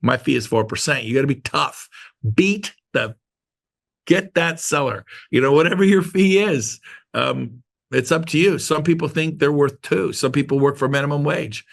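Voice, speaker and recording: Emphatic middle-aged man with gravelly voice. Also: a little high, moderate pace. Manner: emphatic, repeats points, asks the audience questions. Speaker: host of an online real estate training call. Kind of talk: coaching talk on a video call.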